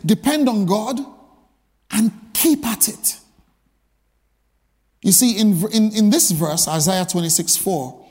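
A man's voice: sits high, a little mellow, big-room sound. A male pastor preaching a sermon, emphatic and full of rhetorical repeated questions.

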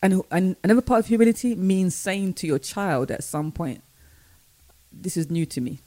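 A woman with a mellow, darker tone tells a family story in a relaxed faith-based chat. She acts out her own reactions as she goes, close to a dry microphone. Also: lowish voice, normal speed, no room sound. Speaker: parent guest.

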